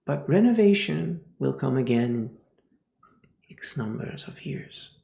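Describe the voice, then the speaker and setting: A man teaches about spiritual matters at an unhurried, deliberate pace. His voice has a gravelly, creaky texture, and he often sinks to a near whisper for emphasis. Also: mid-range voice, sing-song, dark tone, roomy sound, a little hiss or hum. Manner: slow, often drops into a whisper.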